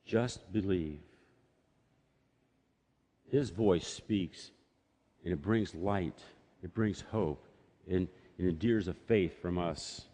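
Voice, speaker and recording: A man's voice: deep voice, takes it slowly, mellow, long reverb tail. A man preaching a sermon as pastor, telling a story and acting out voices from the scripture. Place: church sanctuary.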